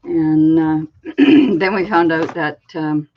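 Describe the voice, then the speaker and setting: A woman from Canada talks slowly and casually as a crafting host, wandering from one thought to the next. A slight frog sits in her throat, and she clears it often. Her fairly low voice comes through a dull, lo-fi recording. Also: animated, a little hiss or hum. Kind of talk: casual rambling chat.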